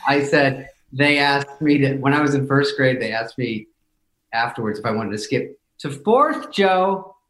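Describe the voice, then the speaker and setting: A man's voice: mid-range voice, unhurried, fairly bright tone, reverberant, slight background noise, poor audio. A middle-aged man telling casual anecdotes as a podcast guest, dry and self-mocking, briefly mimicking others. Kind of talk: casual storytelling chat.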